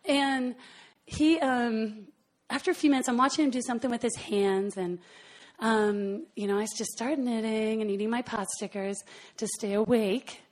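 A woman telling a personal story in an animated way, often laughing between phrases. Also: on the high side, moderate pace. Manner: animated, laughs often, lots of fillers and asides.

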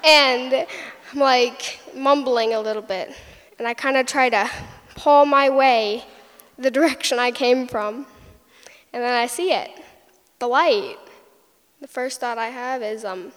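A woman's voice: a little high, a little slow. A young woman telling a personal story, retelling it vividly with little sound effects. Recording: long hall reverb.

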